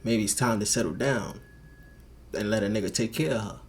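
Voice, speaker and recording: A man hosting a reaction video, talking in profane street slang with animated outbursts. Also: on the low side, fairly quick, a little hiss or hum. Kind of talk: casual commentary over a clip.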